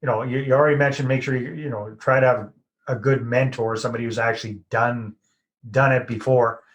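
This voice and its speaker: A man's voice: mid-range voice, steady tone, fairly quick, dull audio. A middle-aged man hosting a podcast, casually rephrasing and summing up his guest's points. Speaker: podcast host. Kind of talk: podcast interview.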